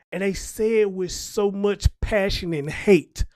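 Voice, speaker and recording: Male show host, high-pitched, dry close sound, preachy emphatic rant. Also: unhurried, darkish tone, no echo. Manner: emphatic, preachy, seeking agreement with the audience. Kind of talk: casual ranting commentary.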